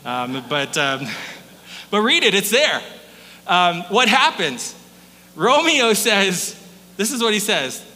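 A man preaching a sermon as pastor, in a conversational style full of rhetorical questions and quick asides. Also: high-pitched, sing-song, pushed and bright. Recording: long hall reverb with faint hum.

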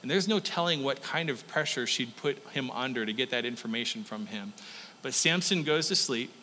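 A man preaching a sermon in an animated storytelling way, with chuckling asides. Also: mid-range voice, moderate pace, big-room sound, a little hiss or hum, poor audio.

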